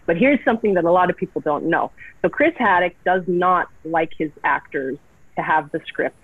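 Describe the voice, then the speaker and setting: An actress from Canada, a guest telling gushing, enthusiastic stories in a casual interview. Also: female voice, lowish voice, lively intonation, normal speed, breathy edge, dry recording. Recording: tinny phone-like line, dry.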